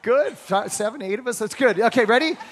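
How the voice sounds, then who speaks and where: A pastor preaching a sermon to a congregation, emphatic, leading them in call-and-response. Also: male voice, very high voice, brisk, a bit bright. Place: large church sanctuary. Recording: long hall reverb.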